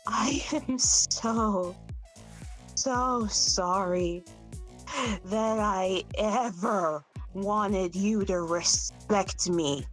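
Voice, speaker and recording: A woman's voice: mid-range voice, animated, slow, a little mellow, soft background music, poor audio. A woman playing a bitter, taunting young vampire. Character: young female vampire, bitter and sing-song.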